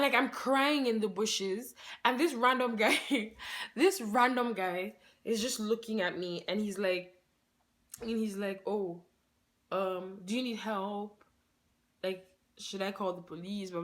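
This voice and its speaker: A woman telling a story on her vlog in a casual, excitable way, laughing along and saying "like" in nearly every phrase. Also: mid-range voice. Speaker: vlogger.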